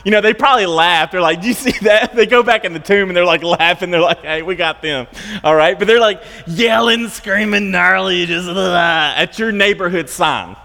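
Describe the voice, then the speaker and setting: A high-pitched male pastor preaching a sermon, storytelling casually and stumbling over repeated words as he goes. His voice carries a long reverb from a large hall. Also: moderate pace, gravelly, few pauses, bright, forceful tone.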